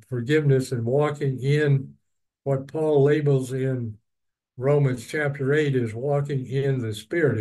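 A man's voice: mid-range voice, darkish tone, poor audio. A man teaching a Bible study, reading verses and then explaining them at length with personal asides. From East Texas.

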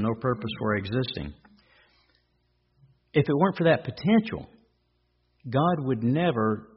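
Husky-voiced man preaching a sermon. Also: medium pitch, muffled recording. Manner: rhetorical questions, emphatic repetition.

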